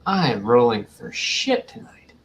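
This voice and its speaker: A man's voice: mid-range voice, sing-song, measured pace. A man playing in a tabletop game, muttering wry, grumbling asides. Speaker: player.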